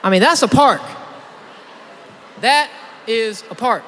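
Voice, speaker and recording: High-voiced man preaching in a reverberant hall. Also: slow pace, slight background noise. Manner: energetic storytelling, addresses the crowd directly. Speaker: youth conference speaker. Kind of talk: sermon. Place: large church auditorium.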